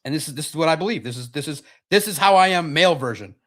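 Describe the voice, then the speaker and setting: A man hosting a sports podcast live stream, chatting casually in an animated, repetitive way with frequent restarts. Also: fairly high pitch, fast.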